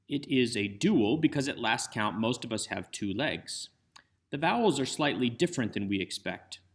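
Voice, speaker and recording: A man's voice: medium pitch, lively intonation, moderate pace, slightly rough. A man giving a recorded lecture on Hebrew grammar over slides, explaining methodically step by step. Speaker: Hebrew instructor.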